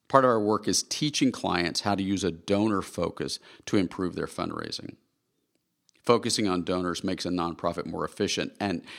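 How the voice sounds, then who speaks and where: A man's voice: deep voice, creaky, fairly bright tone. A man reading his own nonfiction book aloud in an earnest, conversational storytelling way. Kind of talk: scripted audiobook narration.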